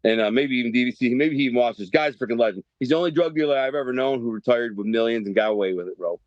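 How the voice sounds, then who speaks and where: A man in his fifties from the Detroit area, telling a story as a podcast guest in animated, profane street slang. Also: mid-range voice, quick pace, dry recording, muffled recording. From Detroit area, Michigan. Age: 50s. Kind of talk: storytelling interview.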